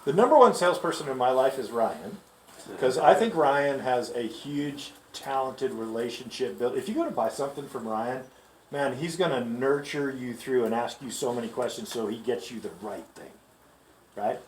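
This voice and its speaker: A man giving a lively storytelling pep talk to store staff, acting out the people he quotes, recorded from a distance in a store. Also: mid-range voice, normal speed, slight background noise. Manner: animated, laughing, acts out quoted people. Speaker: company executive addressing store staff. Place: store on opening day. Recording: echoey room, mic far off.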